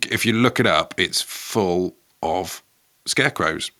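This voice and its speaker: A man's voice: sits low, sharp tone, no room sound. A man co-hosting a comedy podcast, chatting playfully and teasing his co-host. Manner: playful, teasing, quick to joke. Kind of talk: comedic casual chat.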